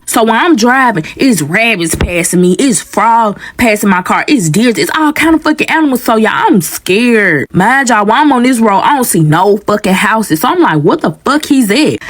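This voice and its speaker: A young woman tells a story in a casual, animated way, cursing freely and talking straight to her viewers. Her voice sits fairly high. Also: moderate pace, hardly any pauses. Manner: animated, profane, addresses viewers as y'all.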